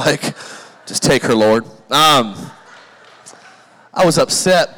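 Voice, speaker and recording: A man in his forties from Southern California preaching a sermon, animated and jokey, acting out the voices of people in his stories. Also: a little high, unhurried, long pauses. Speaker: pastor. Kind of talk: sermon with humorous storytelling. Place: large church hall. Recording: long church hall reverb.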